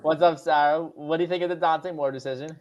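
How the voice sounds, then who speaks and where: Young male call-in host, a bit high-pitched, halting, casual. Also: steady tone, highs cut off. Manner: halting, repeats words, laughs often. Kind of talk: casual call-in sports talk.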